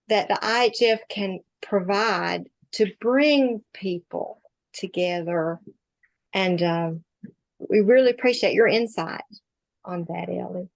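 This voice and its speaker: A woman co-hosting a live video-call show, gushing warmly and laughing often. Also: mid-range voice, vocal fry. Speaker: co-host. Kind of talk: casual Zoom talk show chat.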